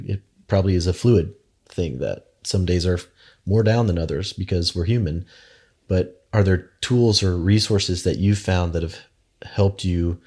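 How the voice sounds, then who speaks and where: A man's voice: low-pitched, a little mellow. A man hosting an interview, asking searching, empathetic questions. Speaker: podcast host.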